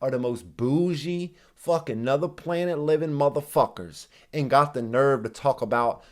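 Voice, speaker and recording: Speaking at a moderate pace, a man with a medium-pitched, darkish voice reacts to a video as its host. He launches into sarcastic, heated, swear-filled ranting with scornful asides, now and then putting on exaggerated voices to mock others.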